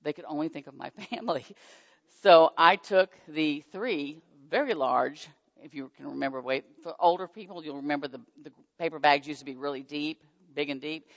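Gravelly woman telling a faith testimony. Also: low-pitched, moderate pace. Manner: animated storytelling, squealing excited quotes. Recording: dull muffled sound with long hall reverb.

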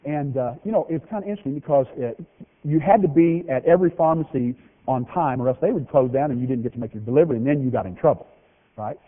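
Folksy preacher on tinny radio. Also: male voice, fast talker. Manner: folksy, joking preacher with lively swings in pitch. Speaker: pastor. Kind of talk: sermon. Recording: tinny phone-like radio broadcast of a hall.

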